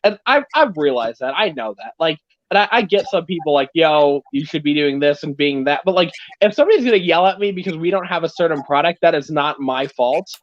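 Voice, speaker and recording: A man on a livestream call in casual chat, telling workplace stories in a blunt, animated way. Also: on the high side, fast talker, hardly any pauses, dry recording. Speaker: livestream guest. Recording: dull lo-fi stream audio.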